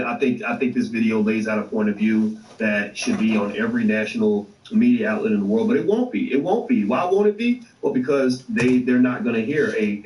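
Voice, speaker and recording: A man's voice: on the low side, slight background noise. A man hosting a casual livestream, talking animatedly with swearing and lots of fillers. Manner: animated, profane, many fillers and restarts. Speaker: host of an online show. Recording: echoey room, distant mic.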